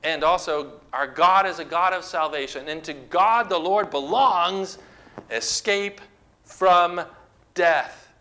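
A man's voice: sits high, takes it slowly, sharp tone. A man preaching a sermon, retelling scripture with dramatic, emphatic storytelling.

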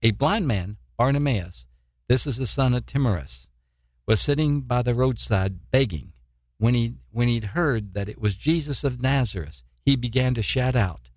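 Plain and earnest, this man delivers an informal sermon and often starts his sentences over; he has eye pain and has slept poorly. The studio-quality recording has no echo, and his slightly mellow, medium-pitched voice moves at normal speed.

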